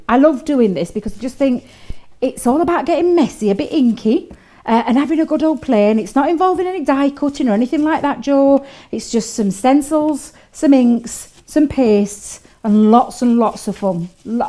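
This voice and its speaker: A woman chatting warmly and giggling as she demonstrates a craft technique on a live show. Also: a little high. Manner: chatty, giggly, talks to co-host while working. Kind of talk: live craft shopping demo chat.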